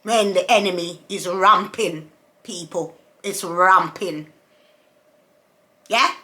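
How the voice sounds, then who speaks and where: A woman's fairly low-pitched voice comes through slowly and with a sharp tone. She is an adult vlogger and mother of several children, ranting to her camera in a casual monologue that is emphatic, repetitive and laced with rhetorical questions.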